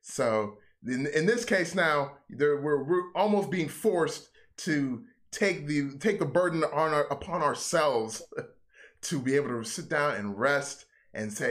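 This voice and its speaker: A man's voice: on the high side, takes it slowly, a bit bright. A man co-hosting a casual gaming podcast, rambling and repeating himself as he gives friendly advice. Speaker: podcast co-host. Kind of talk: casual chat.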